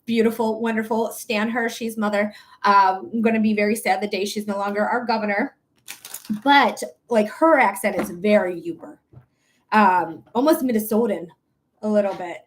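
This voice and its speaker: A woman's voice: mid-range voice, moderate pace, slight background noise. Chatty Detroit woman hosting a live reading. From Metro Detroit, Michigan. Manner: chatty, giggly, thinks out loud. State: sleep deprived. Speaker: psychic reader and livestream host. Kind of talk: casual live-stream chat.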